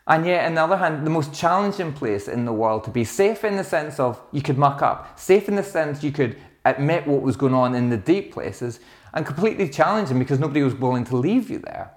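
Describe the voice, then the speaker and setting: A man's voice: a little high, lively intonation, fairly quick. A middle-aged man, a pastor, preaching a sermon in a reflective, conversational way, telling stories with small restarts.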